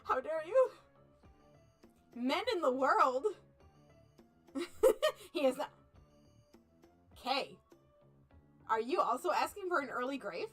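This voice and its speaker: A young woman streamer reading an otome game aloud and chatting with viewers, animated, laughing often and playfully mock-angry. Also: high-pitched, slow, pauses often, soft background music. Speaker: VTuber streamer.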